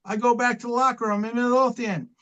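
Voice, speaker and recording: A man's voice: extremely high pitch, fairly even intonation, fast, a bit bright, smooth, low-quality recording. A middle-aged man, a wrestling manager, telling long impassioned stories in an interview, rambling and repeating himself as he goes. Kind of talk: storytelling interview talk.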